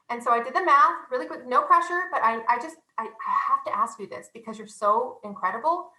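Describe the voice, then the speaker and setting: A young woman giving a casual, animated sales training talk, chatty and self-deprecating. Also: fairly high pitch, a little fast, few pauses, echoey room, rough recording.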